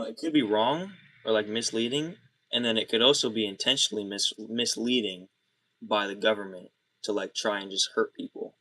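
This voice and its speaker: A young man talks casually to his livestream chat, rambling and restarting his sentences as he goes. His voice sits low, and the room sounds dry and close, with almost no echo. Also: fairly bright tone. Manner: rambling, halting, many restarts. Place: his bedroom.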